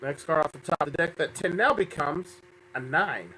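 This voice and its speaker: Male game show host, bright tone, upbeat, self-correcting, slightly under the weather. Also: fairly high pitch, moderate pace, a little hiss or hum. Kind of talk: fan-made game show hosting.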